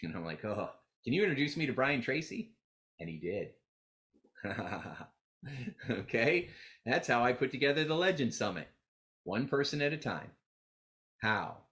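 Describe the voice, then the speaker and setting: A man's voice: medium pitch, unhurried, pauses often. A man presenting a live motivational seminar on getting clients, telling stories with acted-out quotes and calling on the audience to repeat after him. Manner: energetic, animated storytelling with quoted dialogue.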